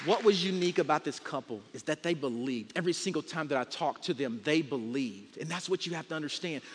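A man's voice: a little high, lively intonation, fast talker, background noise. A man preaching a sermon as a guest pastor, speaking emphatically and stretching words out to drive his point home. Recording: long hall reverb.

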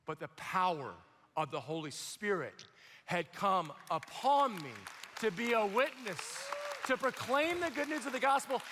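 A young man preaching a sermon, telling a personal testimony with animated storytelling, acting out voices and shouting at the high points. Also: moderate pace, long reverb tail, some chatter behind.

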